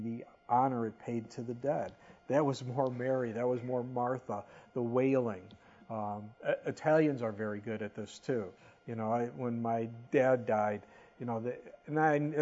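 A middle-aged man preaching a conversational sermon, swinging between loud emphasis and quiet, soft passages. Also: mid-range voice, breathy edge, dull audio. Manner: conversational, rises and drops in volume for emphasis. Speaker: pastor.

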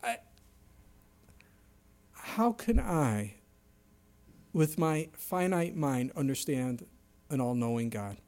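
Animated, lively middle-aged male pastor. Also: slow pace, pauses often. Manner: animated, acts out quotes with sudden pitch and volume swings. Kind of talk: sermon.

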